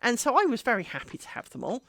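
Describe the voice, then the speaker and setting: A woman streamer telling a rambling, animated story in casual chat while she works on a craft. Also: a little high, quick pace.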